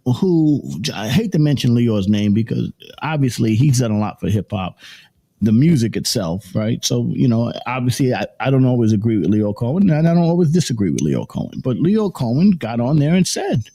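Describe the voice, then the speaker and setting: Man, husky voice, morning show host, rambling casual commentary, repeats himself, desk mic. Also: medium pitch, warm tone. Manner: rambling, repeats himself, laughs between points.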